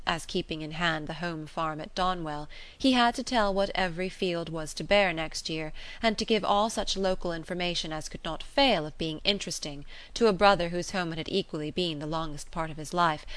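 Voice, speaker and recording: A woman's voice: lowish voice, fairly bright tone, no echo. Woman narrating a classic novel. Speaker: audiobook narrator. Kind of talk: scripted narration.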